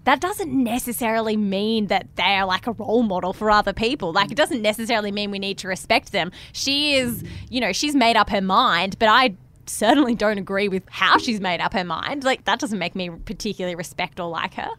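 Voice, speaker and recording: A woman's voice: mid-range voice, brisk, a bit bright. A woman co-hosting a casual book club podcast, thoughtful, arguing her point with hedges. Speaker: podcast co-host.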